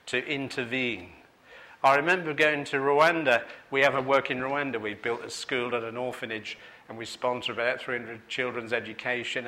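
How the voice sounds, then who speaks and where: A middle-aged man gives a personal testimony sermon at a meeting. His voice is bright and forceful at a middling pitch. He tells his story earnestly and turns soft and low when he speaks of grief. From Manchester, England. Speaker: preacher. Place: meeting hall.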